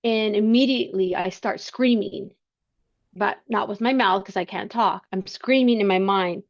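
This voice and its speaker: A woman as a podcast guest, telling a personal story in conversation, earnest and halting with frequent restarts. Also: mid-range voice. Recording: slightly muffled lo-fi sound.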